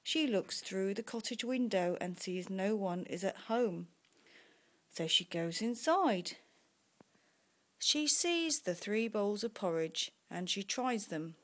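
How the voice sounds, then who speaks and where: A woman reading a bedtime story aloud to her young son, in a slow, lively storybook manner. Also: mid-range voice.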